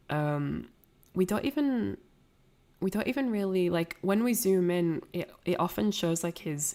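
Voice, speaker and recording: A woman's voice: sits low, darkish tone. A woman giving a casual, rambling film commentary, full of fillers and restarts. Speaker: streamer analysing a film.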